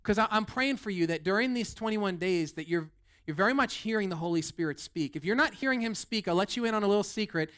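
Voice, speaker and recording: Young male pastor, high voice, excitable sermon delivery full of restarts and "like.". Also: fast. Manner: fired-up, rambling with many "like" and restarts. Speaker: lead pastor. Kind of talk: energetic sermon.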